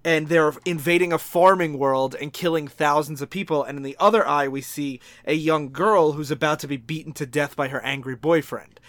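A man's voice: a little high, normal speed, few pauses, fairly bright tone, no room sound. A man co-hosting a casual comic book chat, enthusiastically summarizing panels. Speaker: podcast co-host.

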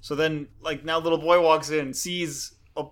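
A man's voice: a little high, fairly even intonation, moderate pace. A man co-hosting a podcast, casually retelling scenes and quoting the dialogue. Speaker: podcast co-host. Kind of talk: casual chat.

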